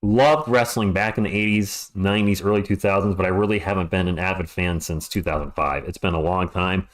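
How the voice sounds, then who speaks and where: A man's voice: sits low, steady tone, brisk. A middle-aged man doing live play-by-play commentary for a stream, chatty and jokey between calls.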